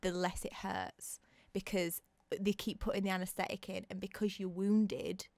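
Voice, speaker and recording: A woman's voice: medium pitch, little pitch movement, moderate pace, gravelly, a little mellow, no echo. A woman with a Sheffield accent, co-hosting a comedy podcast and explaining things in a matter-of-fact way. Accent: Sheffield English. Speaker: podcast co-host. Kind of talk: casual comedic chat.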